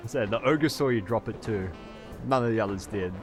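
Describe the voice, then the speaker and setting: A man's voice: lowish voice, moderate pace, over music. A man running a tabletop game as game master, narrating with frequent laughs. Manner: laughing, animated storyteller.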